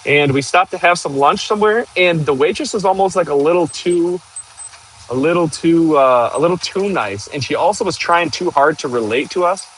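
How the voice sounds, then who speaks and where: A man in his thirties talks in a slightly high voice, rambling to a live-stream chat and laughing often. He is working outdoors. A faint hiss of noise sits under his voice. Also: lively intonation, moderate pace, a bit bright, poor audio. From northern Michigan, USA. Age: 30s. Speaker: livestream host.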